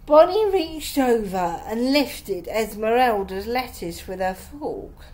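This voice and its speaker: A mother reading a children's chapter book aloud to her children, with slow, expressive storytelling. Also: on the high side.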